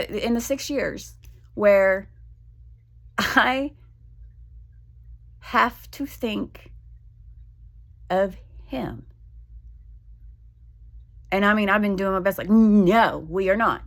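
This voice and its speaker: A woman talking frankly in a personal vlog, venting with blunt swearing and halting restarts. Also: mid-range voice, very animated, fairly bright tone. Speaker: vlogger.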